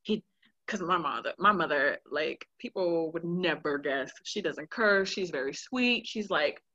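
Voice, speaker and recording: A woman co-hosting a casual podcast chat, loud and animated, dramatic and swearing freely. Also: low-pitched, measured pace, muffled recording. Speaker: podcast co-host.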